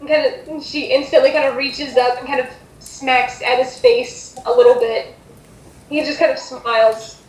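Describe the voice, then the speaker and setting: High-pitched woman running a tabletop game, halting and rambly, recorded in a roomy space. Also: fairly even intonation. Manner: rambling, hesitant, self-correcting. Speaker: game master. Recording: echoey room.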